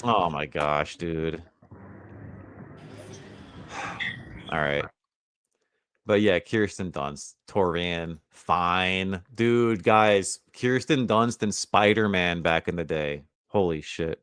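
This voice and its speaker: Man, livestream host, casual chat, slow, teasing, crude banter. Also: deep voice, fairly bright tone, clear, resonant tone, dry recording, studio quality.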